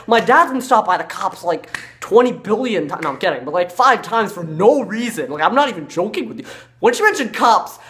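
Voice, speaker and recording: A man's voice: high-pitched, pushed and bright. A young man vlogging in a loose, jokey ramble, full of slang. He sounds nervous and out of breath, tripping over his words as he laughs off his own panic. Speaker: YouTube prank channel host. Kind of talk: casual vlog chat.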